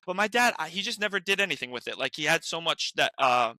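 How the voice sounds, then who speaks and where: A man's voice: on the high side, animated, fast, sharp tone, dry recording. A young man from Rhode Island, a guest actor, telling rambling stories in casual chat. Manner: rambling storyteller, many restarts and "like"s.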